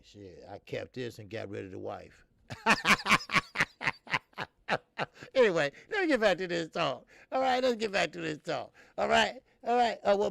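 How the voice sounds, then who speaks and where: A man in his fifties hosting a boxing talk show, swearing freely and rambling with many fillers, jumping between loud emphatic bursts and low mutters. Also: vocal fry, no echo. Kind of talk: casual opinionated commentary.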